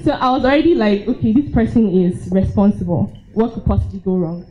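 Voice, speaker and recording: A woman's voice: medium pitch, expressive, fairly quick. A young woman with a Nigerian accent telling a personal story at a live event, laughing often and acting out her own reactions. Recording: dull lo-fi live recording.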